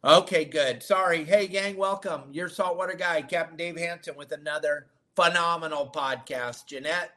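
A man hosting a live fishing show, chatty and excitable, greeting viewers loudly. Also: fairly high pitch. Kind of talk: casual live-stream chat.

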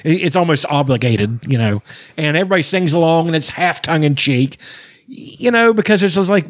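A man's voice: on the high side, animated, a little fast, no room sound. A man, chatting casually as a podcast host, rambling, swearing and laughing often. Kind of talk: casual chat.

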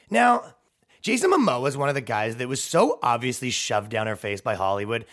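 Guy ranting on his podcast, sarcastic and sweary, middle-pitched voice, just rolls on and on. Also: sing-song, a little fast, a bit bright. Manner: sarcastic, profane, rambling rant. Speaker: podcast host. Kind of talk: comedic monologue.

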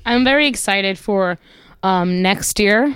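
A woman's voice: medium pitch, unhurried, fairly bright tone, clean tone. A woman co-hosting a casual podcast, joking and teasing her co-host.

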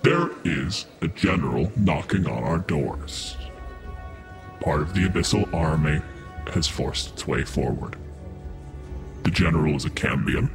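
A man's voice: rumbling low, voice pushed down, exaggerated voice. A man voicing a menacing male devil who gives cold, commanding orders in a tabletop game.

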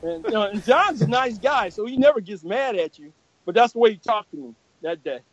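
An older man, a comic artist guest, telling lively anecdotes with laughs and acted-out voices. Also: high-pitched, brisk, no room sound. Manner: animated, laughing, acts out quoted voices. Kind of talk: anecdotal storytelling. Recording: dull lo-fi recording.

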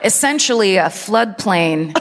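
A woman's voice: medium pitch, animated, unhurried. A woman from California co-hosting a live comedy podcast on a theater stage, chatty and laughing as she tells stories with impressions. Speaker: podcast co-host. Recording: long theater hall reverb.

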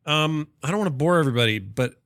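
A man's voice: on the high side, expressive, fast talker, a bit bright, no room sound, studio quality. A man co-hosting a casual gaming podcast, talking at length with lots of fillers and restarts, a little stuffy from allergies. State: sneezy, coughing from allergies. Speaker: podcast co-host. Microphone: studio mic with cough switch.

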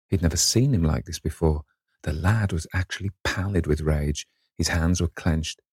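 A man reading a classic novel aloud as audiobook narrator, in a measured, even manner. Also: low voice, breathy edge, no echo, studio quality. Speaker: audiobook reader.

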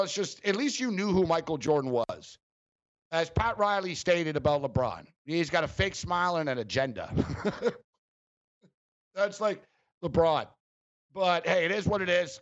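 A man's voice: on the high side, fairly bright tone, dry recording, lo-fi sound. A man hosting a sports talk radio show, ranting sarcastically with lots of fillers.

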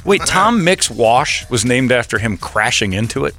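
A male co-host in casual podcast banter, with a sarcastic, joking delivery. His pitch moves a lot and his tone is bright. Faint music sits behind him. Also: very animated, normal speed.

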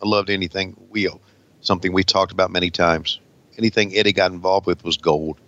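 A man co-hosting a wrestling podcast, talking casually with halting restarts and swearing now and then. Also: sits low, steady tone, fairly bright tone, dry recording, dull audio. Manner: halting restarts, drawled asides. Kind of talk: casual profane banter.

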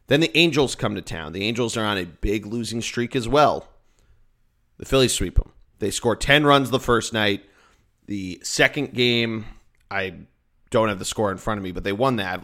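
A man's voice: mid-range voice, sharp tone. A man hosting a solo sports podcast, chatting in an upbeat, joking, rambling way. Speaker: podcast host.

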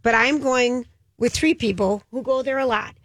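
A chatty woman co-hosting a radio talk show, playful and quick to tease. Her voice sits a bit high, and the sound is dry and close. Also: no echo. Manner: chatty, teasing, quick to laugh. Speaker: radio co-host. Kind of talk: casual chat.

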